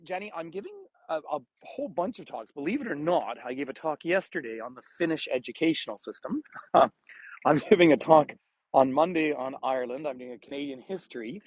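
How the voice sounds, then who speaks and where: A chatty man hosts a live walking tour outdoors beside a frozen winter bay, speaking into a phone on a gimbal. His fairly high voice swings up and down with lots of animation. It has a slightly breathy edge and sounds close and dry. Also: animated, moderate pace, no echo, rough recording. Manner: chatty, greets viewers by name, laughs often. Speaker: travel tour guide. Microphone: phone camera on a gimbal.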